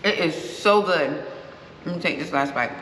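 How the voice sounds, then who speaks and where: A woman's voice: sits low, normal speed, slight background noise. A woman hosting a cooking vlog, chatting casually to her viewers and savoring the food as she goes. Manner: relaxed, chatty, savoring food between lines. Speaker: cooking channel host. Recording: echoey room with long reverb.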